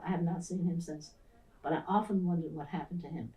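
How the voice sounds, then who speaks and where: Low in pitch and quick, an older pastor from the Philadelphia area narrates memories in a storytelling interview, an animated teller who voices the people she mentions. The room sounds spacious and the mic sits far away.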